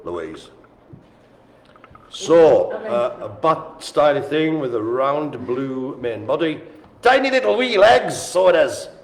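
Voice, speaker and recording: A man's voice: medium pitch, expressive, slow. Jokey man calling bingo. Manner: jokey, chatty, teasing. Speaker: bingo caller. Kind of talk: live-streamed bingo calling with banter. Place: indoor room with a small live audience. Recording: echoey room.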